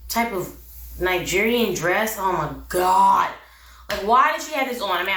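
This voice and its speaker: A woman's voice: fairly high pitch, a bit bright. A woman giving a chatty, sassy recap of a TV episode, laughing often. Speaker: recap vlogger. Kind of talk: casual review chat. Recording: echoey room, voice a bit far from mic.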